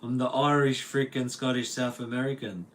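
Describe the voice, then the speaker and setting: An Australian man hosts a relaxed livestream from home, answering viewers in an easygoing, joking way. His voice sits at an ordinary middle pitch. A faint hiss runs under the recording. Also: normal speed. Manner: laid-back, jokey, laughs often, Aussie slang. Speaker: livestream host. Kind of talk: casual livestream chat reading comments.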